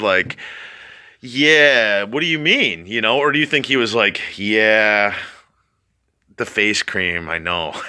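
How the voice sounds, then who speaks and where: A man reads a story aloud on his vlog and keeps wandering off into laughing commentary. His voice is sharp and forceful. His pitch jumps around a lot. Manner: keeps breaking into laughter, rambling asides. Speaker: vlogger reading out a news story.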